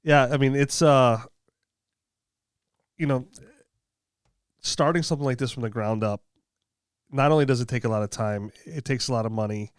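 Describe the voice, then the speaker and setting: A man's voice: medium pitch, moderate pace, pauses often, clean tone, dry recording, studio quality. A man hosting a casual podcast chat, talking in rambling, encouraging runs full of "you know". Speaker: podcast host.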